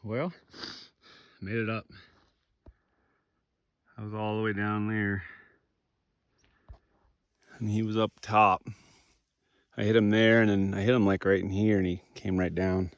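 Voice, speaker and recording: A man telling his hunt story outdoors in remote mountain country, excited and emotional, swearing freely in casual vlog talk. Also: fairly low pitch, a little slow, pauses often, dry recording, highs cut off. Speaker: hunter filming himself.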